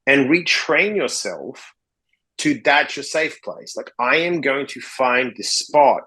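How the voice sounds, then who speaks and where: A man, a podcast guest telling stories in a casual, animated way and acting out both sides of the dialogue. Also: medium pitch, slow pace, breathy edge, low-quality recording. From Australia. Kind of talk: casual storytelling in a podcast interview.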